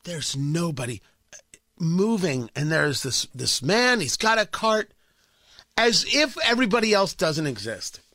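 A middle-aged man from the New York and New Jersey area, a radio host telling a self-mocking story in an animated way. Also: fairly high pitch, measured pace, no echo, clean studio sound. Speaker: radio talk show host. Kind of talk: radio monologue.

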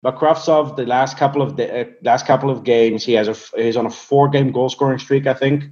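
Here the same kind of guest, a European hockey prospects analyst, talks briskly with a medium-pitched, darkish voice and fairly even intonation, though the recording sounds muffled. His casual storytelling and player analysis is halting, packed with fillers and false starts.

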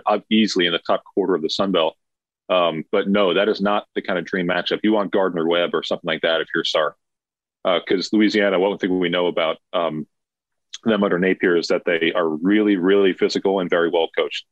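A man's voice: deep voice, no room sound. A man co-hosting a podcast in casual chat, emphatic and opinionated. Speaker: podcast co-host. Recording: dull lo-fi dry sound.

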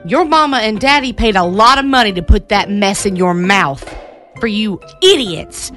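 A woman's voice: medium pitch, moderate pace, fairly bright tone, soft background music. A woman co-hosting a casual radio show, blunt, scolding and sassy. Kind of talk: casual morning show chat.

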